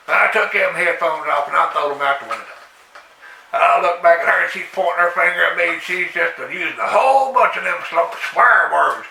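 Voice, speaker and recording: A man telling a rambling comic story in a folksy way, breaking into loud exclamations. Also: creaky, slight background noise. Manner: folksy drawl with loud high-pitched exclamations. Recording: echoey room, distant mic.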